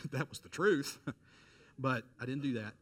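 A middle-aged man preaching a sermon, telling a personal story with lively quoted voices and direct appeals to listeners. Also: mid-range voice, slow pace. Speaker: pastor.

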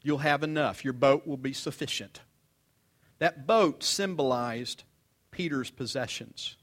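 An older pastor delivers a sermon in a lively, conversational manner, blending funny stories with scripture. His medium-pitched voice moves at an unhurried pace, shifting between loud emphasis and quiet asides.

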